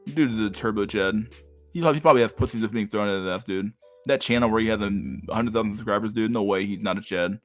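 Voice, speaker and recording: A man's voice: on the low side, fast talker, faint music behind. A young man hosting a casual livestream, talking in a crude, profane way while reacting to chat. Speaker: livestream host.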